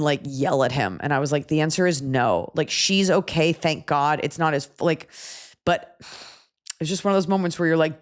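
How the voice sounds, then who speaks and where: A woman hosting a podcast, telling a story in a casual, animated way with profane asides. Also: deep voice. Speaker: podcast host.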